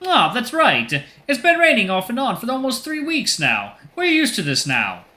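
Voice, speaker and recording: Calm fox taxi driver, middle-aged, thick Italian accent, pitched high; a man puts him on. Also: normal speed, heavily acted. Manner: stereotypical put-on Italian lilt.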